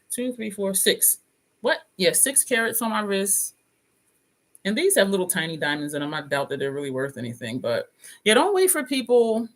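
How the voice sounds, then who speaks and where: A woman vlogger chatting casually, reading comments and laughing often. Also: on the low side. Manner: chatty, laughs often, drops into quoted voices. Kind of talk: casual chat with live comments.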